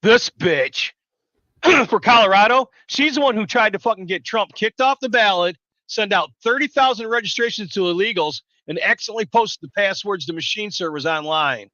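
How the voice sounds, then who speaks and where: A man's voice: sits high, expressive, normal speed, sharp tone, no echo. A man, hosting a live stream and telling rambling stories, swearing constantly. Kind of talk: profane casual storytelling chat. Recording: dull lo-fi dry sound.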